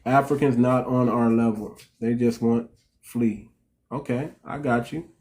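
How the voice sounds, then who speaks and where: A man's voice: mid-range voice, steady tone, a little slow, a little mellow, slight background noise. Blunt, direct man hosting a livestream. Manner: direct, repetitive, restarts sentences. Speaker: relationship coach and livestream host. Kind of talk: casual livestream talk.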